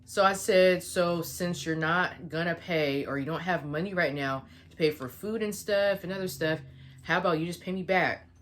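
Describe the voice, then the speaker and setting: Young woman doing a storytime vlog, low voice, faint music underneath, acting out both sides of the convo. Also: moderate pace. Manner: animated retelling with quoted back-and-forth. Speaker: vlogger.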